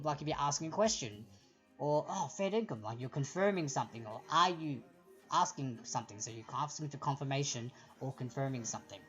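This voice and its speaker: An Australian woman hosting a live-streamed trivia quiz, chatty and explanatory as she reads out the answer options. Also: deep voice. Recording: dull lo-fi stream audio.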